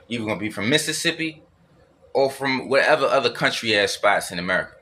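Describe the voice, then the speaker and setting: A man's voice: medium pitch, bright, forceful tone. A man giving a blunt, profane solo monologue, repeating and circling back over his points.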